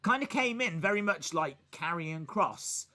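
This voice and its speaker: A man hosting a wrestling watch-along stream, giving excited live reaction commentary and joking, with bursts of shouting. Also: high voice, measured pace.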